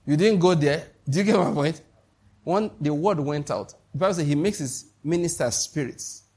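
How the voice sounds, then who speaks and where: A man's voice: on the high side, moderate pace, a little mellow, breathy edge. A middle-aged man with a Nigerian accent preaching a sermon, emphatic, repeating key phrases and checking that his listeners follow. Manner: emphatic, repeats lines, asks the congregation questions. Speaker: pastor.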